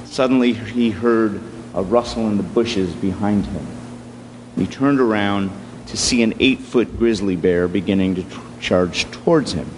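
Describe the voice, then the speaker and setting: A man's voice: fairly low pitch, unhurried, long reverb tail, a little hiss or hum. A man preaching a sermon, telling a joke story and then talking through the text in a conversational way with fillers. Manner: conversational, storytelling with joking asides. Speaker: pastor. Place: church.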